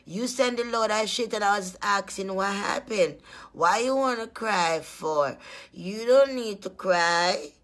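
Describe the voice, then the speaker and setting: A woman's voice: mid-range voice, unhurried, fairly bright tone. A woman chatting casually with her viewers, teasing and laughing often.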